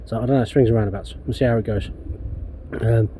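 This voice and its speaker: A man's voice: lowish voice, steady tone, fast talker, mellow, a little hiss or hum. An English man vlogging casually while working on his van outdoors, rambling and swearing often in a laid-back way. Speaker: DIY van customizer vlogger.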